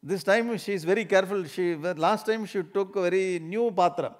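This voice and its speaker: A spiritual teacher with an Indian English accent delivers a discourse full of humor. His voice sits slightly on the high side for a man. He laughs often and slips into small acted-out scenes to make his points. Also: moderate pace, few pauses. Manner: animated, laughs often, acts out everyday scenes.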